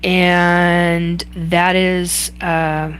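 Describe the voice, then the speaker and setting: Slow-talking woman, halting personal story. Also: lowish voice, flat delivery, fairly bright tone, a little hiss or hum. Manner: halting, many fillers and restarts. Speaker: host. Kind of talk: personal storytelling on a live chat.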